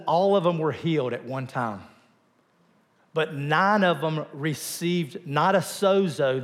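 Man preaching in a reverberant hall. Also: on the high side. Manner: conversational, rhetorical questions, drops to quiet emphasis. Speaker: pastor. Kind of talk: sermon.

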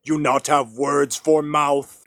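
A man voicing a gruff, slow-witted male giant warrior who speaks in broken, simple sentences. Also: on the high side, level tone, a bit bright, no room sound, pitched above the performer's own voice, heavily acted. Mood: blunt.

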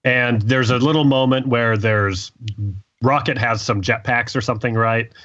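A man co-hosting a casual podcast chat, relaxed, adding plot details. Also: medium pitch, normal speed, muffled recording. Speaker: podcast co-host.

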